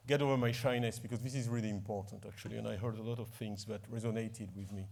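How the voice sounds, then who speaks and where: Speaking quickly in a lowish, gravelly voice that is a little mellow and fairly even, a French-speaking company head from Ivory Coast gives an award speech. The ceremony talk is informal, and he's emotional, self-mocking, and prone to restarting and repeating words.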